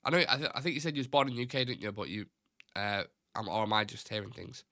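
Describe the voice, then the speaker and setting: A man's voice: fairly low pitch, animated, fast talker, sharp tone, no room sound, clean studio sound. Blunt, indignant man with a stuffy nose. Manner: blunt and indignant, swears freely. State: slightly stuffy and nasal. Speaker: host of a fan livestream. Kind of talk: casual live-stream chat.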